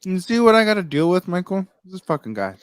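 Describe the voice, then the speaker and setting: A man's voice: sits high, sing-song, quick pace, clean tone. A man hosting a casual chat, teasing his guest with profane banter.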